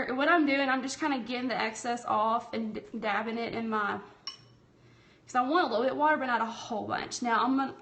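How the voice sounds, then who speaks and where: A woman's voice: fairly high pitch, a bit bright. A woman from Tennessee with a Southern accent, hosting a casual live craft tutorial, chatting with viewers and calling them y'all while she works. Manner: chatty and friendly, calls viewers y'all, talks while working. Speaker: craft livestream host. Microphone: tablet streaming app.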